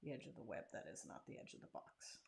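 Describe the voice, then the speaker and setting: A woman's voice: fast talker, slight background noise. A woman hosting a casual crafting tutorial, chatting and joking while she works. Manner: chatty and self-deprecating, talks while working. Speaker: craft channel host.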